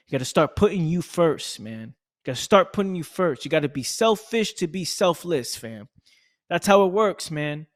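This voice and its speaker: A man giving an intense, emphatic motivational monologue to camera, repeating phrases and calling the listener "fam", swinging between low murmurs and loud bursts. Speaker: motivational coach.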